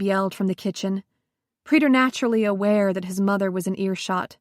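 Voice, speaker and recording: A woman narrating a suspense audiobook in a measured, even storytelling manner. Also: mid-range voice, dry recording, studio quality. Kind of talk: scripted narration.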